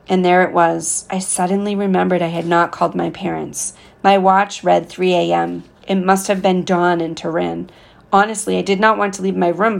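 A woman reading a novel aloud, with steady, expressive storytelling. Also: lowish voice, vocal fry. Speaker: reader.

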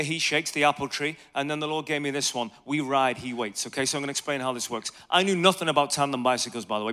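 A man leading an evangelism seminar, energetic and jokey, swinging between loud emphasis and quiet asides. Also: fairly high pitch. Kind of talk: lively seminar preaching to a live audience.

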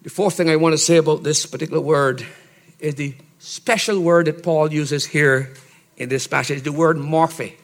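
A pastor preaching an expository sermon in a teacherly way, checking in with his listeners and building up to loud, emphatic exhortation. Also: fairly high pitch, moderate pace, gravelly. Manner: teacherly, checks in with "Okay?" and "See?".

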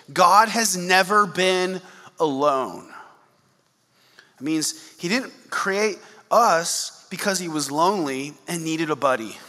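A man, a pastor, preaching a sermon with animated, joking asides. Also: fairly high pitch. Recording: long reverb of a large hall.

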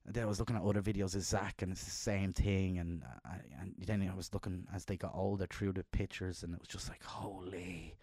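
A man's voice: flat delivery, a little fast, few pauses, dark tone, dry recording, studio quality. A middle-aged man co-hosting a podcast, talking in a heartfelt, emotional way about his kids. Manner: emotional, heartfelt, jumps up in pitch when quoting himself. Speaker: podcast co-host. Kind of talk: casual chat.

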